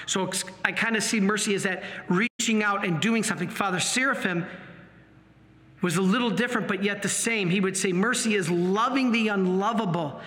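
A man, a priest, preaching a sermon in an earnest, animated way. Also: high-pitched, moderate pace. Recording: long hall reverb.

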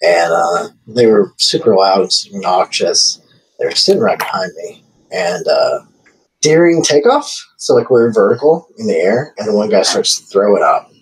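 A man in casual chat telling a story animatedly, acting out people shouting. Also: lowish voice, animated, normal speed, poor audio.

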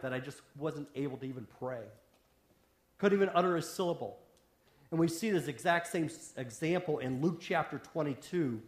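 A man preaching a sermon as a pastor, impassioned, swinging from raised intensity down to a near hush. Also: on the high side. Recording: roomy echo.

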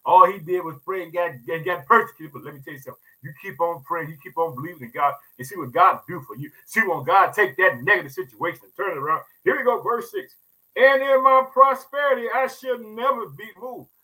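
A man's voice: fairly high pitch, fast, hardly any pauses, husky, rough recording. A man preaching a sermon, reading psalm verses aloud and turning to his listeners with repeated asides and informal talk. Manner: repeats "let me tell you something", swings from soft asides to loud scripture reading; calls listeners "family", informal everyday grammar.

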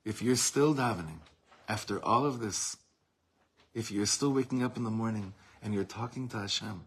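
A man's voice: on the low side, normal speed, fairly bright tone, breathy edge. A man teaching a Torah lesson as a rabbi, speaking with passion and emphasis, repeating phrases for force and mixing Hebrew terms into his English.

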